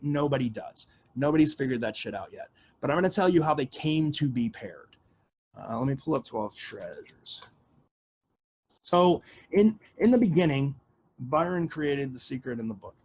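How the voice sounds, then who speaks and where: A man's voice: a little high, sing-song, moderate pace, a little mellow, slightly rough. A man hosting a casual livestream Q&A, rambling with lots of fillers and offhand swearing. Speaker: livestream host answering questions.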